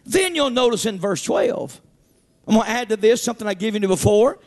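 A man preaching a Sunday sermon, emphatic, rising to shouts and calling out to his congregation. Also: high voice, expressive, brisk. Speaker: pastor.

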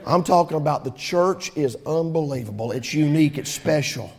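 Pastor, high-pitched, preaching in a reverberant church. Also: male voice, normal speed. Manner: preaching with rising shouts and call-and-response. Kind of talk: sermon. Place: church sanctuary. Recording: long hall reverb.

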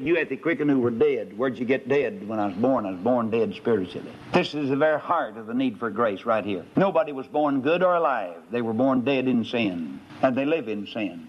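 A man preaching a sermon, telling a story with acted dialogue and swinging up into high, emphatic peaks. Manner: dramatic storytelling, voicing characters, rising to high emphatic peaks. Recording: dull lo-fi sermon recording.

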